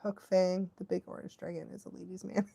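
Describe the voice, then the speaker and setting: A woman's voice: fairly low pitch, flat delivery, brisk, gravelly, warm tone, no echo. A woman dog trainer hosting a casual watch-along live stream, chatty and laughing often, cooing baby talk at a dog now and then.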